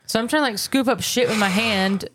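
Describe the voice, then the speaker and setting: A woman in her thirties, a podcast co-host, telling a story with lively acted-out quotes and frequent laughs. She is recovering from an illness. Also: on the high side, very noisy. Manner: animated storytelling, quick to laugh. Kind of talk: casual chat.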